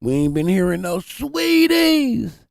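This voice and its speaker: This stream host has a high voice with vocal fry and talks slowly. Using a desk mic with a dry, clean studio sound, he's animated and profane, chatting casually and speaking straight to his chat.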